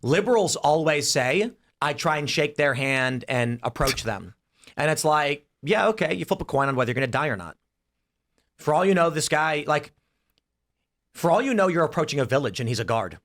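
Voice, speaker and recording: Animated man hosting a debate. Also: on the high side, brisk. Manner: animated, acts out quoted voices. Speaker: podcast host. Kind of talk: casual panel debate.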